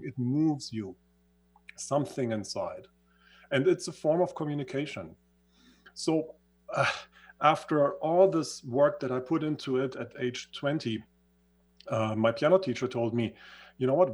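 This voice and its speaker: A man's voice: mid-range voice, darkish tone, breathy edge. A man who is not a native English speaker, telling his life story in an interview, earnest and sometimes searching for words. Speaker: guest. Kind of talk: reflective storytelling in conversation.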